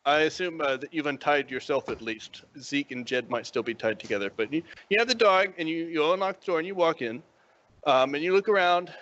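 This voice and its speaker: A man narrates as dungeon master, telling the scene in an animated way with chuckles. His voice is bright, set a little high. The audio is dull and lo-fi. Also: fairly quick. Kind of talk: narrating a tabletop game.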